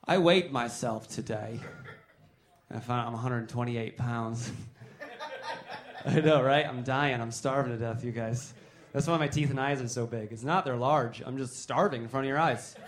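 A man's voice: medium pitch, moderate pace. A man doing stand-up comedy, rambling, joking and talking with the crowd.

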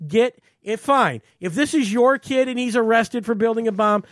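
A man's voice: very high voice, normal speed, fairly bright tone, no room sound, studio quality. A man co-hosting a talk show, ranting heatedly and swearing often. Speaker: podcast co-host.

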